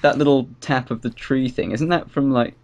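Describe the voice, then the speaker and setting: A man's voice: mid-range voice, moderate pace, dull audio. Easygoing man laughing through a review. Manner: easygoing, laughs often, agreeable. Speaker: co-host of an animation review show. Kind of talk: casual reaction commentary.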